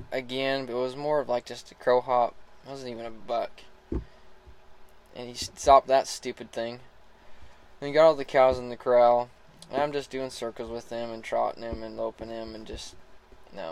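A man's voice: mid-range voice, normal speed, low-quality recording. Easygoing man telling a riding story. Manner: relaxed, laughs often, restarts sentences. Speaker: horse rider starting a young colt. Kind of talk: casual spoken storytelling.

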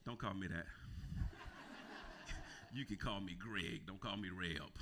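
A male pastor preaching a sermon, calling for responses and repeating phrases as he builds to shouting. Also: low-pitched, a little slow, pauses often. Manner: repeats words and restarts phrases.

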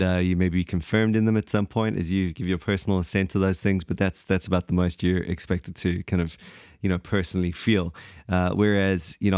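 A man's voice: sits low, darkish tone, clean tone, no echo, clean studio sound. A man in a casual theological discussion, talking in a rambling, hesitant way with many fillers.

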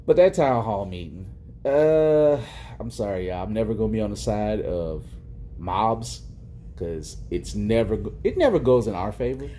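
Animated man with a mellow voice. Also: fairly low pitch, moderate pace, slight background noise. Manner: animated, joking, swears freely. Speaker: podcast co-host. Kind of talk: casual chat.

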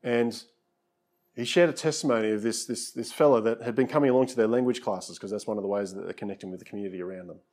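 A man's voice: on the low side, quick pace, a little mellow. A man preaching a conversational sermon as pastor, often saying "you know" and repeating words, then leading a prayer.

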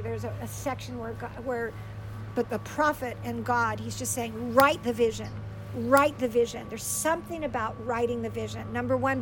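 An older woman giving a gentle, earnest faith teaching to a group, tearful at times as she speaks. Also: on the high side, background noise. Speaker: speaker teaching on prayer for children.

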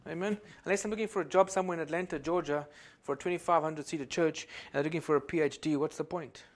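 High-voiced preaching man from Africa. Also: fairly even intonation, fast. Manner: swings between loud exhortation and quiet asides, peppered with amen and glory to God. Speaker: pastor. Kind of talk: sermon.

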